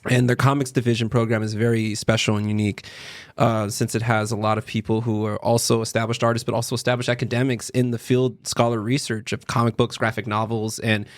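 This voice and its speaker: A man's voice: mid-range voice, little pitch movement, brisk, no echo. A man speaking as a podcast guest, an artist and art educator, talking casually, rambling a little and laughing often. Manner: chatty, laughs often, rambling with many fillers.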